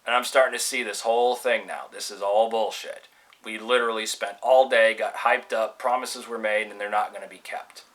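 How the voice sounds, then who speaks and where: A man from California telling a personal story casually, animated and swearing freely as he acts out the people in it. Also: fairly low pitch, normal speed, poor audio. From California, USA.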